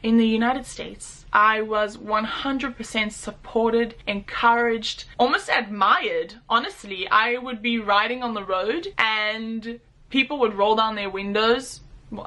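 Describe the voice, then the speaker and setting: A young South African woman in her twenties, telling her own stories in an interview. Her voice sits fairly high and sounds bright and sharp. She talks in an animated way and acts out what other people said. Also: a little slow. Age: 20s. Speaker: interviewee, motorcycle rider. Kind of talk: personal storytelling interview.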